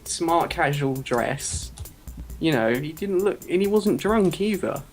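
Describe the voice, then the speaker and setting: A man's voice: on the high side, expressive, slow, soft background music. A young man telling a story in a casual podcast chat, acting out the quotes. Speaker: podcast co-host.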